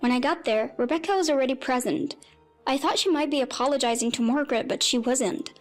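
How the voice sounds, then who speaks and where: A woman's voice: high voice, brisk. Woman narrating a story over faint music. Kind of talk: first-person scripted story narration.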